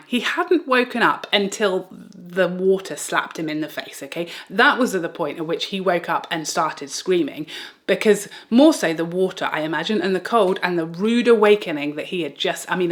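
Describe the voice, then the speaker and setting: A young woman vlogger telling a personal story in a dramatic, animated way and laughing as she talks. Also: fairly low pitch, normal speed. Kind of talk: storytelling chat.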